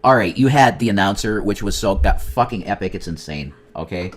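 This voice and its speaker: Excitable, foul-mouthed man rambling. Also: fairly low pitch, brisk. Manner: profane, excitable, nostalgic rambling; swings between loud outbursts and muttered asides. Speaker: streamer. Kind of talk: rambling casual livestream chat.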